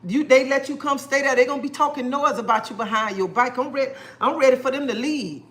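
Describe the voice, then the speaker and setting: Bright-voiced woman preaching on a livestream. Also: sits high, brisk, hardly any pauses. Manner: earnest, preachy, repeats herself; greets viewers by name between points. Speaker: livestream host. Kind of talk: casual livestream talk.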